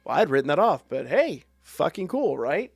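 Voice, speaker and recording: A man streaming live, telling a profane, animated story in a casual way. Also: fairly high pitch, normal speed, vocal fry, breathy edge, dry recording, studio quality. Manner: profane, animated anecdote with quoted voices.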